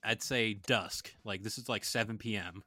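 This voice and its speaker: A man's voice: lowish voice, steady tone, moderate pace, bright, forceful tone, no room sound. A young man co-hosting a podcast, chatting casually with jokes and rambling asides. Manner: joking, rambling, many fillers. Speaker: podcast co-host. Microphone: studio podcast mic.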